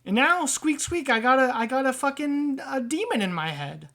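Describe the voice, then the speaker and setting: A woman voicing a sleazy male rat trader in a tabletop game, crude and swearing, with squeaks between phrases. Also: lively intonation, normal speed, fairly bright tone, exaggerated voice. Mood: griping. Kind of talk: tabletop role-play voice.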